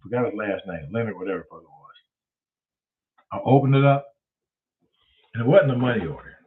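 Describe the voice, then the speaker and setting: A man's voice: lowish voice, a little fast. A man telling a casual, profane story as the host of a talk show, acting out every voice. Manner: profane, animated storyteller who acts out the voices. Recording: tinny phone-like sound.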